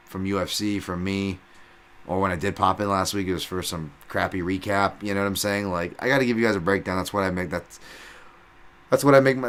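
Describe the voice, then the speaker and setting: A man hosts his own podcast, talking casually and with plenty of profanity, rambling through fillers and restarts and getting loud when he's excited. His voice sits fairly low and sounds clean.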